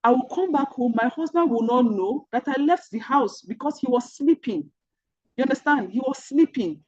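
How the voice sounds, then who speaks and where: This woman speaks in a high-pitched, husky, darkish voice, expressive and at a moderate pace. The recording has no room sound and its highs are cut off. With a Nigerian accent, she mentors an online group through earnest personal stories, addressing listeners directly and repeating key points to drive them home.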